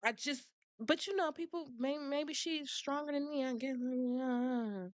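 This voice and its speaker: A woman's voice: high voice, unhurried, no room sound. A woman giving blunt, sassy commentary on a trial, laughing often. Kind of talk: casual commentary.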